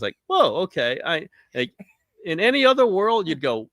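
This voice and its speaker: A man in his fifties, a sports columnist guest, telling animated anecdotes on a podcast with frequent laughter and quoted asides. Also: high voice, normal speed, dry recording, clean studio sound. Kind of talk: casual podcast storytelling.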